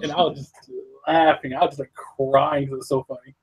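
Husky man telling a funny story. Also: fairly high pitch, little pitch movement, brisk, rough recording. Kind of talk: casual storytelling.

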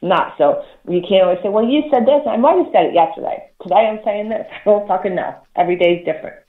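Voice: medium pitch, fast talker. Profane, emphatic spiritual talk host on tinny line. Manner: profane, emphatic, repeats words, laughs between points. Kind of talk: casual spiritual advice talk. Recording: echoey, tinny phone-like line.

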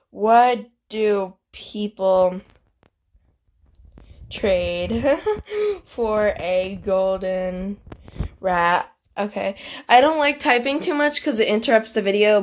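Bubbly, giggly woman with a slightly high voice. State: voice keeps fading. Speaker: YouTuber host. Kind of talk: casual gameplay commentary.

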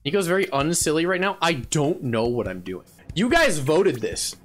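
Goofy, lively young-sounding male streamer. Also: a little high, normal speed, slight background noise. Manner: playful and goofy, laughing often and yelling at wins. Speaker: game streamer. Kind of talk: casual live gameplay chatter.

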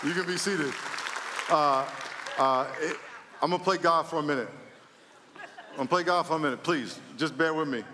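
A pastor preaching to his congregation in a large church, his fairly high voice carrying through a long reverb. He is animated and laughs easily between lines, and a faint murmur of the crowd sits underneath. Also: moderate pace, pauses often, a little hiss or hum. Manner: animated, laughing often, calling up a guest. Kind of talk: sermon.

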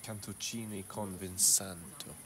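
A man's voice: low voice, steady tone, measured pace, loud music behind the voice. A man chatting casually at a restaurant table, making dry jokes. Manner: dry joking. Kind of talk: casual chat over dinner. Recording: loud background noise.

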